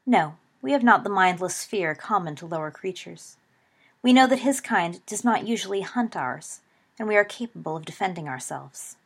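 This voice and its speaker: A woman doing a slow, solemn young centaur. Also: medium pitch, expressive, breathy edge. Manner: slow, measured and formal.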